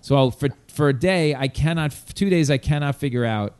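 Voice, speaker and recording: A man from New York telling a long exasperated story in casual chat, animated and swearing. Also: on the high side, normal speed, clear, resonant tone.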